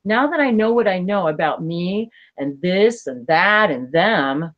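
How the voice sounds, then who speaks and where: A woman hosting a spiritual livestream, talking casually in an earnest, emotional way, rambling with many halting restarts. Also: lowish voice, expressive, dull audio.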